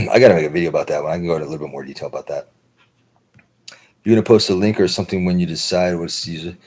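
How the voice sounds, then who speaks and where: A man's voice: deep voice, very fast, a little mellow, breathy edge. An American man hosting a livestream, rambling loosely and swearing a lot, often checking in with "right?". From United States. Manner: loose, profane, repeats "right?". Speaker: livestream host. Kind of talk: rambling casual monologue.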